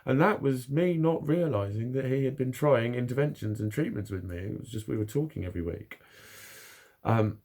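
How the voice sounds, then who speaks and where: A man's voice: medium pitch, animated, normal speed, gravelly, a little mellow. A man talking frankly and bluntly in a casual monologue, swearing constantly as he opens up about his own experiences. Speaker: vlogger.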